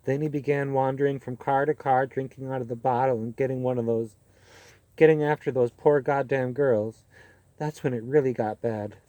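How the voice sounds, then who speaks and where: Brief: a man playing a jaded male reporter, gruff and matter-of-fact, mellow timbre, dry recording. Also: mid-range voice, steady tone, moderate pace, dry recording, natural voice. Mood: gossiping. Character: weary, cynical male campaign reporter.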